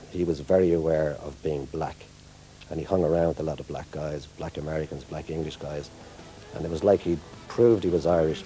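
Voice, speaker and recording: A man's voice: a bass voice, warm tone, low-quality recording. A man interviewed for a documentary, speaking reflectively about someone he knew. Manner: reflective, recalling the past.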